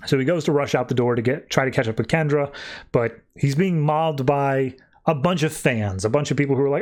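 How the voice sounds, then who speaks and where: A man's voice: medium pitch, a little fast, darkish tone. A man hosting a podcast, casually recapping a comic book issue and leaning on "like" as he retells the plot. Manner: chatty, peppered with "like". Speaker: podcast host.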